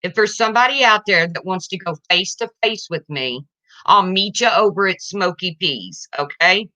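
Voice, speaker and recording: A woman's voice: mid-range voice, lively intonation, moderate pace, bright, forceful tone, highs cut off. A woman livestreaming to her viewers, ranting in an indignant, confrontational way and addressing them directly.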